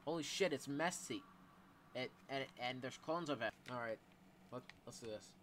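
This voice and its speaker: A man giving profane, excitable, joking gameplay commentary as a YouTuber. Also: medium pitch, moderate pace, a little hiss or hum. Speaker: gaming YouTuber.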